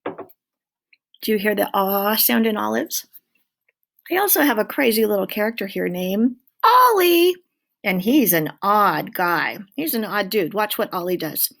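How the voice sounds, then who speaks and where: A woman teaching a phonics lesson to young children, speaking slowly and clearly and stretching out sounds in an encouraging way. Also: medium pitch, animated, fairly bright tone.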